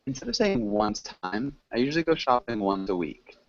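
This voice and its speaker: A man teaching an online English class, correcting students patiently and clearly. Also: mid-range voice, very animated, a little fast, no echo. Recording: muffled lo-fi call audio with faint hiss.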